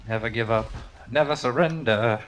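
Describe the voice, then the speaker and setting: A man's voice: medium pitch, normal speed, fairly bright tone, slight background noise. Laid-back man gaming with a friend. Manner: laid-back, with sudden swearing outbursts. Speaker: gamer. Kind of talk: casual co-op gameplay chat.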